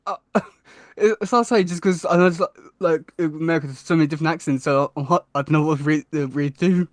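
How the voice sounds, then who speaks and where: A man's voice: a little high, fast, dry recording, clean studio sound. A young man with a British accent, a podcast guest chatting casually, hesitant with many fillers and restarts. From Britain.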